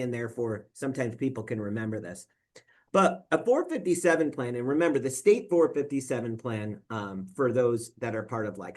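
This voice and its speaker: Anecdotal financial advisor man speaking. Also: mid-range voice. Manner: conversational, tells personal anecdotes, acts out quoted dialogue; frequent fillers and repeated words. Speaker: financial advisor presenting to municipal officials. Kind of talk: conference presentation talk.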